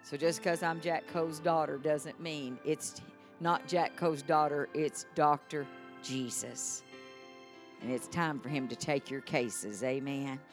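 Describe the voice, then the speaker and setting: A woman preaching a healing sermon in a church service, impassioned and swinging from loud proclamations to soft asides. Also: deep voice, steady tone, takes it slowly, over music.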